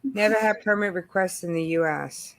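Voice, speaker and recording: A woman's voice: fairly low pitch, normal speed, no room sound. Chatty woman hosting a livestream. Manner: rambling, many "you know" fillers. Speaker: channel host. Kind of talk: casual chat on a livestream.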